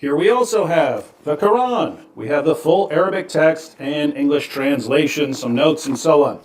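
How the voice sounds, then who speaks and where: A man, a video creator, calmly explaining and showing his points in a measured, wry way. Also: fairly high pitch. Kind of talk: explanatory monologue. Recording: echoey room.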